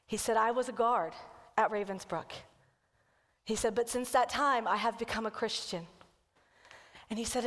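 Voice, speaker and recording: A woman kids' pastor telling a story in a sermon and then leading the congregation through a slow, earnest breathing prayer. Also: fairly high pitch. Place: church sanctuary. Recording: church hall with long reverb.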